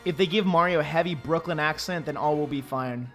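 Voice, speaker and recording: A man chats casually with his viewers while he draws on a stream. He rambles, laughs often and restarts his sentences in a fairly high voice. Faint music plays quietly behind him. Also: fairly quick, hardly any pauses. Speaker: artist streaming his drawing. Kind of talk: casual livestream chat, answering chat. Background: faint background music.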